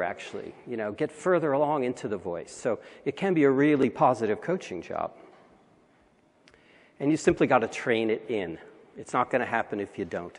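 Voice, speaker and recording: Conversational man speaking in a reverberant hall. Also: mid-range voice. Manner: conversational, wry asides. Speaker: conference speaker. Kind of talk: conference talk. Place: large conference hall.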